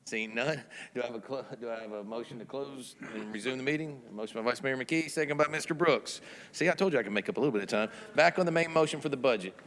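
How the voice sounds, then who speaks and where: A man presides over a town board meeting, reeling off motions, seconds and votes at a quick clip. His voice sits at an ordinary middle pitch, and he rushes through the procedure like an auctioneer. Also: fairly bright tone, big-room sound.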